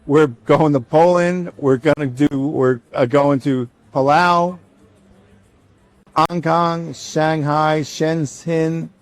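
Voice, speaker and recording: A man telling a personal story in a casual, animated way, acting out both sides of a conversation and often restarting his sentences. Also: fairly high pitch, slow pace, dry recording.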